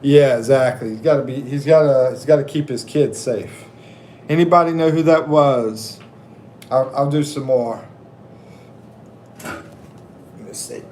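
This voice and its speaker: A man's voice: mid-range voice, normal speed, a little mellow, slight background noise. A man hosting a casual livestream, joking and chatting with viewers. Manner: jokey, laughing, chatting with viewers. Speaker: livestream host and expat coach.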